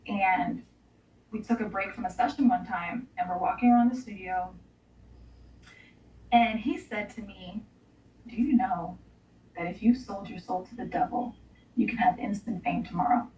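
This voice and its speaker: A young woman recounts her past in a loose, heartfelt way, full of casual slang. Her voice sits at an ordinary middle pitch. It sounds set back from the mic in a roomy, echoing space. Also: moderate pace, pauses often, a little mellow, recorded from a distance. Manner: candid, emotional storytelling with casual slang. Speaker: interview guest. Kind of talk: personal testimony in an interview.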